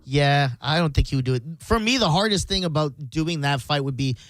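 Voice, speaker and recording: Easygoing male co-host, slightly high voice, dry close mic. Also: lively intonation, brisk, no room sound. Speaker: radio co-host. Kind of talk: casual chat.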